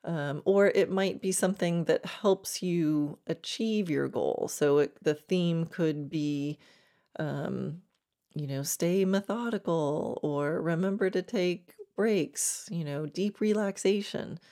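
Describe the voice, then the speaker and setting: A woman's voice: lowish voice, slow, dark tone. A woman riding coach giving a reflective instructional talk about planning horse training, with a laugh now and then.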